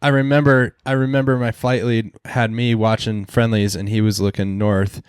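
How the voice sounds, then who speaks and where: A man's voice: lowish voice, flat delivery, normal speed, clean tone, dry recording, clean studio sound. A man who is a pilot recalls a mission in casual podcast talk, often repeating himself as he remembers. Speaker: guest, A-10 pilot.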